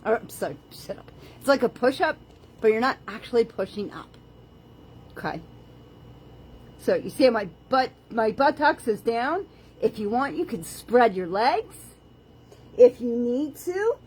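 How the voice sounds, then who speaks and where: A fitness instructor runs a live floor workout from a mat at home, filmed by a camera on the floor, chatting, joking about herself, guiding planks and stretches, and counting reps out loud. Her voice is fairly high with big pitch swings, a measured pace, long pauses, a darkish tone, and a breathy edge.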